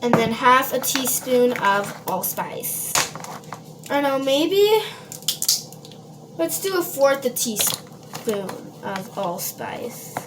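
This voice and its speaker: A woman's voice: high-pitched, expressive, slow pace, pauses often, background noise. A woman from Minnesota, chatting casually to viewers while she bakes in her home kitchen, rambling and full of fillers. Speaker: home baker vlogger. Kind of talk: casual baking vlog. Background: dishes and cutlery clatter.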